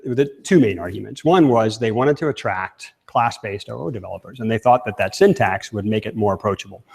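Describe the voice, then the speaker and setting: A man's voice: mid-range voice, darkish tone, slightly rough. A man giving a live technical talk, speaking casually and asking the audience questions. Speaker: conference speaker. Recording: long hall reverb.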